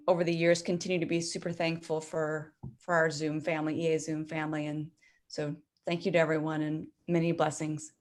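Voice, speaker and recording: A woman co-hosting an online meeting, giving quick thankful holiday wishes before she leaves. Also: fairly low pitch. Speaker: co-host of an online community meeting. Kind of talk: casual sign-off remarks. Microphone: video call.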